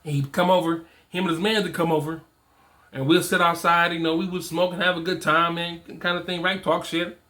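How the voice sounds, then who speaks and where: Guy with a high bright voice talking straight to the fellas, repeats himself, casual slang. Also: level tone, fairly quick. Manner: emphatic and repetitive, casual slang. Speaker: fatherhood and men's coach. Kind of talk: casual motivational talk to men.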